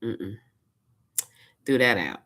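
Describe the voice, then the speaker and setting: A woman's voice: rumbling low, very animated, takes it slowly, fairly bright tone. A woman from Louisiana, chatting casually in a vlog and retelling her days with quoted asides. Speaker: vlogger. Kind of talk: casual personal storytelling.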